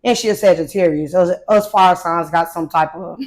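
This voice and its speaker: A woman's voice: lowish voice, normal speed, background noise. A woman from St. Louis, a guest emcee, chatting casually on a podcast, brash and laughing, tipsy from drinks.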